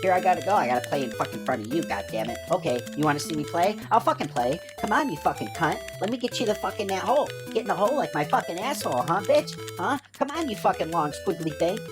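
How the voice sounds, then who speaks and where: A woman voicing a woman who curses furiously at a video game, swinging from low muttering to high shrieks. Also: animated, quick pace, few pauses, over music, lightly acted. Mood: angry.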